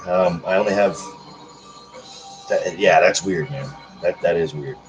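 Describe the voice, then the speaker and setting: A man's voice: sits low, unhurried, muffled recording, music in the background. A man in his thirties chatting casually on a livestream, reading out comments in a rambling, self-joking way. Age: 30s. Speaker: livestream host.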